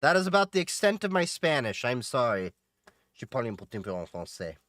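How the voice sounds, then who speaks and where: A man's voice: mid-range voice, sing-song, brisk, fairly bright tone, no room sound, studio quality. A man streaming a game live, chatting casually with viewers in a joking, talkative way. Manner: joking, chatty, answers viewers and laughs often. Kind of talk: casual live-stream chat while gaming.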